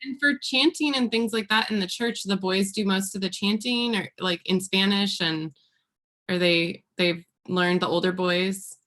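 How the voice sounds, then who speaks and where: Bright-voiced woman hosting a casual interview. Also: medium pitch, steady tone, a little slow. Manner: brief encouraging responses. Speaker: host.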